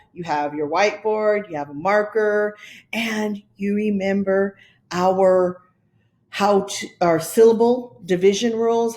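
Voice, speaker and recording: A woman teacher talks through a spelling lesson at an unhurried pace, pausing between each step. Her voice sits in a middle register, patient and deliberate. The sound carries a noticeable room echo. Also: mid-range voice, a little mellow. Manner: patient, deliberate, repeats instructions. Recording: roomy echo.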